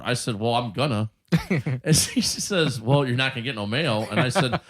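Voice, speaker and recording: A man's voice: medium pitch, normal speed. A man with a Northwest Ohio accent hosting a podcast, telling stories in casual chat, laughing often and acting out the people in them. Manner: animated storyteller, acts out voices, laughs often. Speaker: podcast host.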